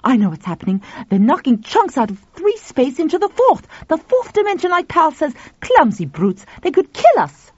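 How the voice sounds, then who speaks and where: A woman voicing an excitable man who speaks urgently and emphatically. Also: sits high, normal speed, few pauses, voice pushed up. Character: excitable man, scientist type. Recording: dull lo-fi dry recording.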